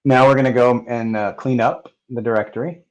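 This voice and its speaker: A man narrating a technical software walkthrough step by step, in a plain manner with occasional fillers. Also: mid-range voice, fairly even intonation, a little fast, rough recording. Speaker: software tutorial presenter. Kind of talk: screen-recorded technical walkthrough.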